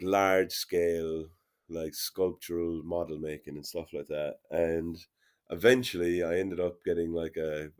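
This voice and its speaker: A man's voice: low voice, a little mellow. A man, a guest in his thirties, telling a casual, rambling story about his work, full of "like" and restarts. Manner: rambling, filler-heavy, frequent "like". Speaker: guest, fibrous plasterer.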